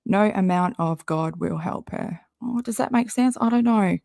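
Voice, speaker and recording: A woman's voice: mid-range voice, moderate pace, creaky, mellow, no room sound, clean studio sound. A woman doing casual commentary, reading social media posts aloud with an exasperated, rambling manner and frequent swearing. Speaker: commentary YouTuber.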